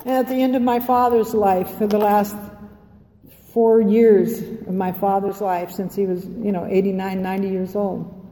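A woman's voice: medium pitch, steady tone, normal speed, mellow. An older woman giving a heartfelt, rambling share at a recovery meeting, speaking from a podium in a meeting hall. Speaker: Al-Anon speaker. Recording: echoey hall, faint ambience.

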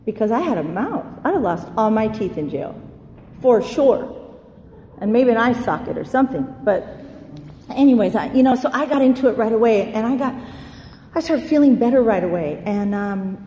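A woman's voice: mid-range voice, a little hiss or hum. Woman telling her story in an echoey hall. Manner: lively storytelling, acts out quoted voices. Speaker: speaker sharing her recovery story. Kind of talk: personal testimony talk. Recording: roomy hall with long echo.

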